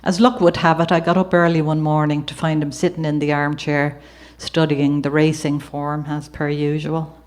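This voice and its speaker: Her Irish accent and low voice carry through a gallery event, where she recounts her life story partly from a memoir and partly unscripted. The tone stays level and the pace moderate with few pauses, as she drifts readily into warm, conversational asides and occasional laughter.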